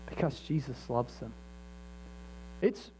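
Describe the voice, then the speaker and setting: A man's voice: mid-range voice, lively intonation, slow. A young adult man preaching a sermon as a pastor, talking in a conversational, emphatic way and often restarting his sentences. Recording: dull lo-fi sound with faint mains hum.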